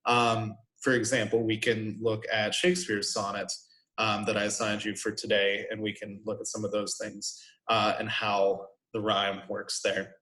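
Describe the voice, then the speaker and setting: A man's voice: lowish voice, flat delivery, normal speed, pushed and bright. A man teaching a college poetry class in an informal recorded lecture, explaining patiently with frequent "um"s and "right?" asides. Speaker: college instructor.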